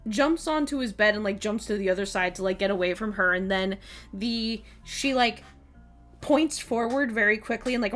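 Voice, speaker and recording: Slow-narrating woman game master. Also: mid-range voice, a bit bright. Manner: descriptive, full of fillers like "like" and "um".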